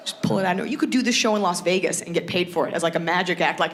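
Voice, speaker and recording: A woman in her thirties doing a brash, profane stand-up comedy routine on stage, dropping into shrill acted voices. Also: fast, a faint crowd, a little hiss or hum.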